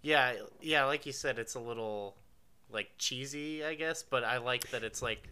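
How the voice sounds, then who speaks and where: A man with a strikingly bright, crisp voice chats as a guest on a podcast. He hesitates often, leaning on fillers as he gathers his thoughts. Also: mid-range voice, moderate pace. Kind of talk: casual podcast chat.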